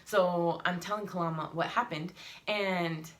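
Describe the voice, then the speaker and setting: Young adult woman, family vlogger, lowish voice, heated and blunt storyteller. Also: steady tone, unhurried, a bit bright. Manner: heated, emphatic retelling with swearing. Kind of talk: casual vlog storytelling.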